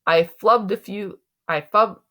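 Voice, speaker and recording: A woman's voice: mid-range voice, bright, forceful tone. A woman reading a breathless teenage girl. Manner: hurried, slightly breathless delivery. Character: teenage girl actress, breathless after her show.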